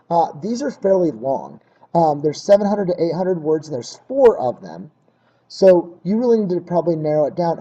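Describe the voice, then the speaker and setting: Man giving a test-prep lesson, mellow tone. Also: on the high side, muffled recording. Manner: plain, practical, with many filler uhs and ums.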